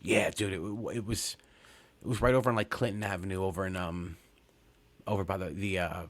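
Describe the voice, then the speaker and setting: A man's voice: low-pitched, steady tone, a little fast. A man, hosting a podcast and telling a story casually, rambling and cursing, with many fillers and restarts. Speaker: podcast host.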